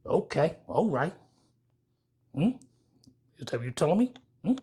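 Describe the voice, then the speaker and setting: A man putting on an impression of a famous male film actor, with a slow, teasing, questioning drawl and a husky voice. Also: fairly high pitch, big pitch swings, warm tone, full character voice.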